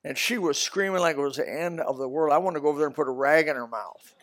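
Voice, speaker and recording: An older man preaching a sermon in a storytelling way, swinging between loud bursts and soft asides. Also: a little high, quick pace.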